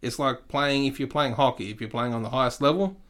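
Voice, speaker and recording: A man's voice: mid-range voice, a little fast, fairly bright tone. A man with an Australian accent, a podcast guest in casual chat, blunt and swearing freely. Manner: blunt, swears freely, keeps saying "mate".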